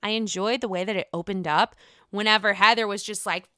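A young woman casually recapping a reality show on her own, blunt and quick to swear, often mimicking people in exaggerated voices. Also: mid-range voice, fairly even intonation, pushed and bright, clear, resonant tone, no room sound, clean studio sound. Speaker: reality TV commentator. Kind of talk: casual solo recap chat.

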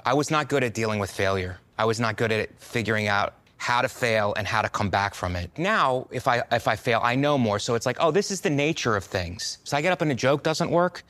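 Middle-aged male comedian, punchy delivery. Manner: punchy joke delivery with sudden loud rants; quiet, low and measured when reflecting. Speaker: stand-up comedian. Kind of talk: stand-up set with reflective interview asides.

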